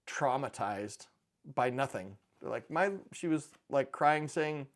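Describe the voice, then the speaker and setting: Middle-aged man, mid-pitched, loose rambling vlog talk with dry offhand jokes. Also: lively intonation, takes it slowly. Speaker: precious metals channel host. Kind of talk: casual chat to camera.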